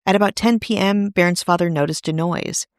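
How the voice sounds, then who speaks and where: A woman's voice: fairly low pitch, moderate pace, no room sound, studio quality. A woman podcast host giving a scripted storytelling narration, dropping in wry asides. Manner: wry asides in a serious telling.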